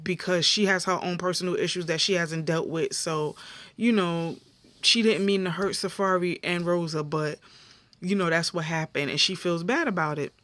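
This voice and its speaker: A woman's voice: on the low side, steady tone, moderate pace, fairly bright tone. A woman vlogger recapping a reality show episode in a casual, slangy way with lots of fillers, sounding tired. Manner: chatty, slangy retelling full of fillers.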